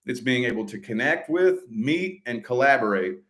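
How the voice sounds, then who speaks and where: Brief: middle-aged man, casual vlogger, cusses a lot, livens up when he quotes people, mid-pitched voice. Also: normal speed. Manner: swears freely, animated when quoting others. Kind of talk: casual storytelling to viewers.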